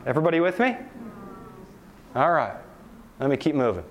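Male preacher, higher-pitched, very animated delivery, keeps checking in with the congregation. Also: normal speed, muffled recording, a little hiss or hum. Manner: animated, asks the audience rhetorical questions. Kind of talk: sermon lecture to a live audience.

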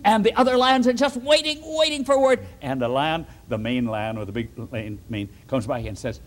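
A man's voice: fairly high pitch, moderate pace. A man preaching by telling a Bible story to children, directing them as they act it out. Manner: animated, theatrical, directing children acting out the story.

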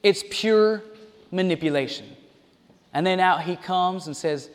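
A man preaching a sermon, animated, with mocking asides and mimicry. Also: high-pitched, measured pace, a little hiss or hum. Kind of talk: sermon with impressions and sung examples. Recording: long hall reverb.

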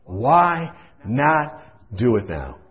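A man preaching a sermon, impassioned, swinging from hushed storytelling to loud pleading, in a dull lo-fi recording. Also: mid-range voice, big pitch swings, drawn-out words.

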